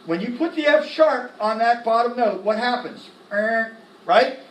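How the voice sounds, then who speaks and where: A man teaching music theory in a classroom lecture, animated, firing quick questions at the students and tossing in slang. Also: very high voice, slight background noise. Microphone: laptop recording the lecture. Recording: echoey classroom from a distance.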